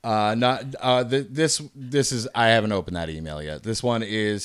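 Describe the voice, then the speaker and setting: A man's voice: lowish voice, normal speed, hardly any pauses, clear, resonant tone, dry recording. A man with a Long Island accent hosting a casual prank-call stream, rambling, swearing and laughing often.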